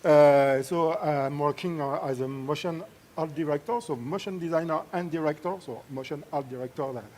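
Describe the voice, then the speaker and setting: A man's voice: a little high, normal speed, a little mellow, a little hiss or hum. A middle-aged man from France with a French accent, a motion art director talking on stage, hesitant and searching for English words. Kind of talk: casual on-stage chat. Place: live festival stage.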